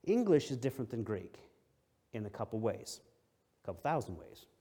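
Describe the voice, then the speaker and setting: A middle-aged man preaching a sermon, explaining a verse word by word. He stresses and repeats key phrases, and his voice swings between loud and soft. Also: fairly low pitch, very animated, brisk, slightly rough.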